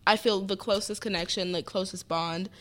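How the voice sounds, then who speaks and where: A young woman in casual podcast talk, earnest and agreeable. Her pitch sits mid-range. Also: fairly even intonation, moderate pace, a bit bright, slight background noise. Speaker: podcast co-host.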